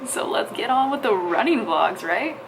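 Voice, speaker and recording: A woman's voice: fairly high pitch, lively intonation, moderate pace, background noise. A woman vlogging casually, talking to herself and her viewers, exasperated and swearing as she tries to register online. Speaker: fitness vlogger. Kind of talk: casual vlog commentary.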